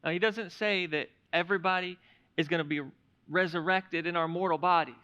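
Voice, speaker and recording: A man preaching in a church with a high, bright, forceful voice. He drops to hushed reflection, then rises to loud, emphatic declarations. The recording is dull and lo-fi. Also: fairly even intonation, a little fast, smooth. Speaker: pastor. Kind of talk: sermon. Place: church sanctuary.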